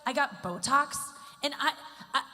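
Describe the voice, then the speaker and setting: Bright-voiced woman doing rambling stand-up. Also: sits high, expressive, normal speed. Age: 30s. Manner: rambling, self-deprecating, full of "like". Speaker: stand-up comedian. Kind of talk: stand-up comedy set. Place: stage before a live audience. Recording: long hall reverb, faint ambience.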